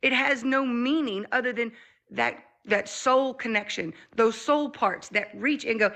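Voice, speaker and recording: A woman's voice: a little high, a little slow, a bit bright. A woman hosting a casual group discussion, talking in an earnest, reflective and emphatic way over background noise on her mic. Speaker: podcast host.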